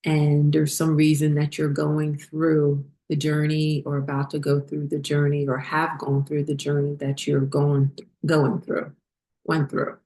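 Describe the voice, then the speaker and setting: Spiritual vlog lady, going hoarse, slow and flat, lots of ums. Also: sits low. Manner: unhurried, filler-heavy, reads from notes. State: losing her voice. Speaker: spiritual channel host.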